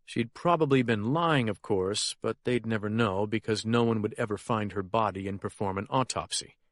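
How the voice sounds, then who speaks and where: Here a man with a lowish voice narrates a crime thriller for an audiobook, his scripted reading calm and measured. The recording is dry and of studio quality.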